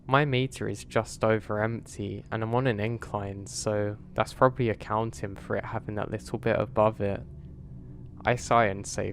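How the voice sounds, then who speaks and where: Low-voiced man telling a horror story. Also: little pitch movement, normal speed, slight background noise. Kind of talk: first-person horror story narration.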